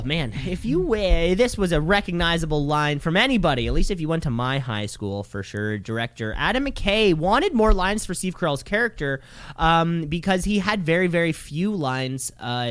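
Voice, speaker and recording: Guy cohosting a podcast, smooth clear voice, dry close sound, quick chatty trivia bits. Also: on the high side, fairly bright tone, no room sound. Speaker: podcast co-host. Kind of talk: casual podcast chat.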